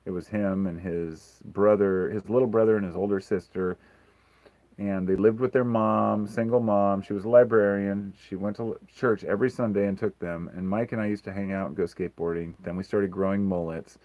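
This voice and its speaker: A man's voice: low-pitched, fairly even intonation, brisk, no room sound, lo-fi sound. A man hosting a casual livestream Q&A, talking frankly and rambling, swearing freely. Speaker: livestream host.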